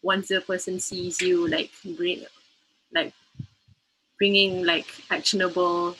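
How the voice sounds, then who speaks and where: A woman's voice: lowish voice, level tone, slow, sharp tone, slight background noise, low-quality recording. A young woman panelist on a video call, hesitant and using "like" often. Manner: hesitant, frequent "like". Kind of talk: casual panel discussion.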